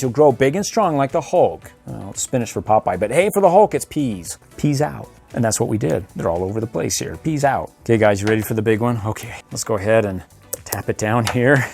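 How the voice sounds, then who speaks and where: A man's voice: medium pitch, darkish tone. A man hosting a casual toy review video, playful and ad-libbing, laughing often. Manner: playful, laughs often, ad-libs silly voices.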